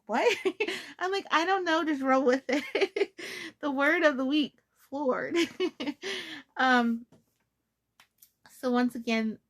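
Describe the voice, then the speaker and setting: A woman vlogger in her thirties chatting casually to her viewers about crochet, bubbly and quick to giggle. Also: fairly high pitch.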